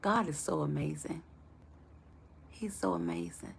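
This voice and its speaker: A woman's voice: low voice, huge pitch swings, a little slow, creaky, breathy edge. A woman life coach giving a motivational live talk to her viewers, affectionate and preacher-like in her encouragement.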